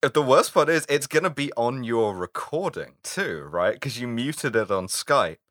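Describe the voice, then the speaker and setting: Lively rambling man on a podcast. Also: mid-range voice, normal speed, no echo, studio quality. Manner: rambling, lively, swears, laughs a lot. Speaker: podcast co-host. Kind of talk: casual podcast banter.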